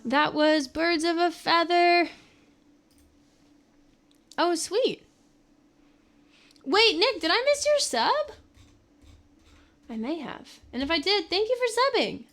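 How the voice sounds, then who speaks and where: High-voiced chatty woman streamer. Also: big pitch swings, slow, pauses often, a bit bright. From California. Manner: rambling, chatty, laughs often. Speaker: livestreamer and singer. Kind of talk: casual livestream chat.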